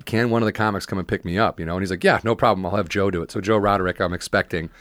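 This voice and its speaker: A man's voice: sits low, fairly even intonation, a bit bright, no echo, clean studio sound. A man, a stand-up comedian, telling stories on a podcast in a casual, profane way, often acting out the people in them. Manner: fast, profane, acts out voices in his stories. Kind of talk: casual storytelling chat.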